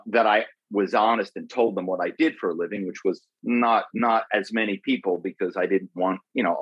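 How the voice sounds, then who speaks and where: A man's voice: fairly low pitch, breathy edge, no room sound, dull audio. A middle-aged man as an interview guest, telling a long personal story in a loose, rambling way, full of fillers and restarts. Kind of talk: conversational storytelling.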